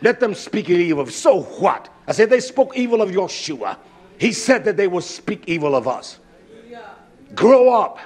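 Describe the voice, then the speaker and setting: A man preaching a combative, fiery sermon who swears freely, repeats lines for emphasis, often breaks into shouts, and fills pauses with "uh". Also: high-pitched, very animated, slightly rough. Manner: often shouts, with many "uh" fillers.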